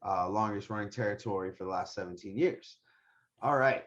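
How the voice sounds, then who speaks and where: A man's voice: fairly low pitch, brisk, a bit bright, muffled recording. A man hosting a casual wrestling podcast, reading sponsor spots loosely with fillers. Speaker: podcast host.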